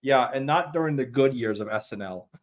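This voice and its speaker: A man's voice: mid-range voice, animated, fairly quick. Easygoing man agreeing in casual chat. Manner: agreeable, chuckling, backs up the other host. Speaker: podcast co-host.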